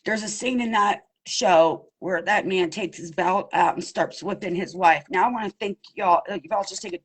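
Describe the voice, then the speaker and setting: This husky, medium-pitched woman from Pennsylvania is an abuse survivor speaking out in impassioned personal testimony. She sounds emphatic and pleading, calls her listeners "y'all," and the recording is rough.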